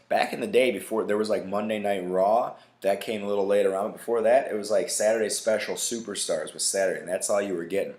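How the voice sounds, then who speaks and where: A man's voice: lowish voice, a little mellow. A man hosting a casual solo podcast, ranting emphatically with lots of swearing and constantly asking "right?". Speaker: podcast host. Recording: echoey room.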